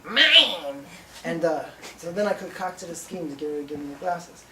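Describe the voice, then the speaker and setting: Rambling deadpan man doing stand-up. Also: a little high, a little fast, crowd noise. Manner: rambling, deadpan, breaks into laughter. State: sleep-deprived. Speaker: stand-up comedian. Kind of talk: live stand-up storytelling. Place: small live venue. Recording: echoey room from far off.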